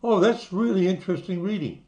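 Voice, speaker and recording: A man's voice: sits high, lively intonation, brisk, darkish tone, muffled recording. An older man from the United States who talks you through websites in a casual screen-share, spelling things out letter by letter. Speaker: channel host.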